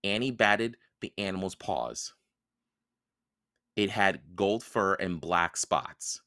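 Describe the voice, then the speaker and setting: A man reading a children's chapter book aloud for a podcast, in calm, even storytelling narration. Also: deep voice, takes it slowly, dry recording, clean studio sound. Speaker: podcast reader.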